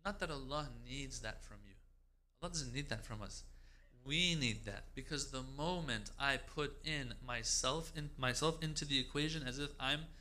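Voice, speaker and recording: A man's voice: mid-range voice, moderate pace, bright, forceful tone. A man giving a religious lecture, speaking emphatically, asking rhetorical questions and quoting Arabic prayers.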